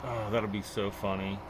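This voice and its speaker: With a fairly low-pitched voice, a little slow and accompanied by background noise, a man does a casual livestream of a farming game. He rambles, keeps losing his train of thought, and giggles, easily cracking up laughing.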